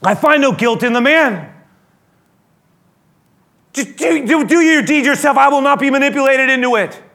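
A man's voice: extremely high pitch, very animated, measured pace, sharp tone, voice pushed up, full character voice. A man acting out a frustrated Roman governor who pleads and argues with an angry crowd. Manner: pleading, exasperated declaring.

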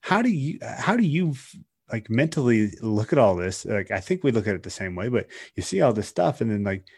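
A man's voice: medium pitch, sing-song, a little fast, vocal fry, darkish tone, slightly rough, no echo, clean studio sound. A man co-hosting a podcast, talking loosely and casually, full of fillers. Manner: loose, talkative, peppered with "like" and "uh". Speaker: podcast co-host.

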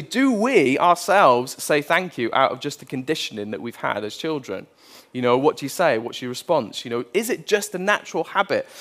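A man in his thirties preaches from the front in a relaxed, talkative way. His voice sits a little high, and he keeps asking his listeners questions as he goes. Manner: conversational, with playful acted quotes and rhetorical questions. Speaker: pastor. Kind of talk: sermon.

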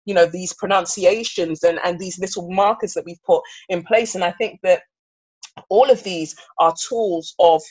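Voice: mid-range voice, normal speed, a little mellow, husky. A guest in their thirties from England, speaking earnestly and reflectively in an interview, often restarting sentences. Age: 30s. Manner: earnest, searching, with frequent restarts. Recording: slightly dull recording.

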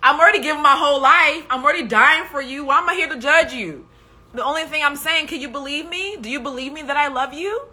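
Brief: a sassy, loving male savior begging to be believed, pitched high and loud, as a woman puts him on. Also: fast. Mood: pleading. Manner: sassy, pleading, repeats questions. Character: tender pleading male savior, loving and exasperated.

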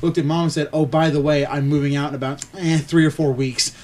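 Young dude cohosting a podcast, kinda high voice, swears a lot, cracks himself up, some hiss. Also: male voice, level tone, quick pace, darkish tone. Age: young adult. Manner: crude, laughing storyteller. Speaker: podcast co-host. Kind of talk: casual chat.

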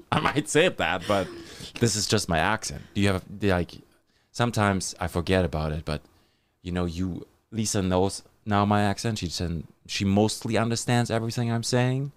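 A man's voice: lowish voice, normal speed. A man with a German accent hosting a live podcast, reading sponsor spots and chatting with a guest in an upbeat, hyping way. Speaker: podcast host. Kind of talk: live podcast chat and read ads.

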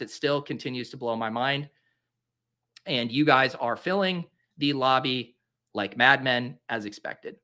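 Bright-voiced man ranting dramatically. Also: medium pitch. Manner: theatrical self-pitying rants; rambling and joking. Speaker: podcast host. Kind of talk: live-drafting commentary, casual chat.

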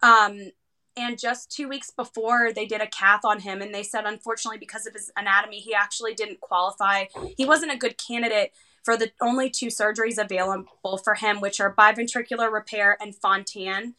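A woman in her thirties, telling a personal story in a conversational interview, animated and full of fillers. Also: mid-range voice, a little fast. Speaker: guest, heart patient's parent.

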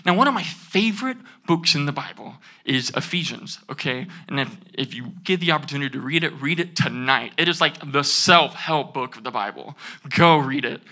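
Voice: mid-range voice, lively intonation, normal speed, sharp tone. A young adult student giving an earnest sermon, repeating key phrases and asking the audience to say them back. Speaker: student speaker.

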